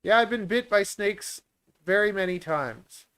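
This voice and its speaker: Guy rambling on a live q&a stream, clear smooth voice, kinda high. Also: expressive, measured pace, a bit bright. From Canada. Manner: chatty, rambling, laughs easily. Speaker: reptile breeder and stream host.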